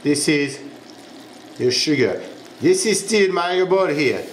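Slow-talking French chef. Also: male voice, a little high, animated, echoey room, a little hiss or hum. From France. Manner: instructive, step-by-step, checks in with "huh?". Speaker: pastry chef. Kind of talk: cooking demonstration. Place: kitchen.

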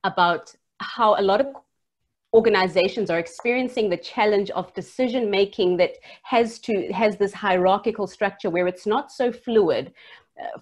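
A woman panelist on a video call, giving brisk, earnest advice. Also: medium pitch, a little mellow. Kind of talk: online panel discussion.

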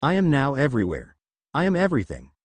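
A man's voice: medium pitch, huge pitch swings, quick pace, breathy edge, dry recording. A man voicing an arrogant android conqueror. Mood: proclaiming.

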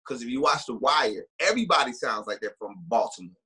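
A man's voice: medium pitch, expressive, brisk, pushed and bright, poor audio. A man hosting a podcast, casually steering the talk with playful, emphatic questions. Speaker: podcast host leading the talk. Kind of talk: casual chat.

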